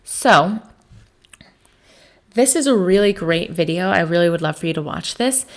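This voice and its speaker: A woman's voice: lowish voice, lively intonation, moderate pace. A woman from the United States giving a recorded history lecture as a teacher, talking conversationally with frequent "um" and "right?" fillers. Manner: puts on voices for quoted people.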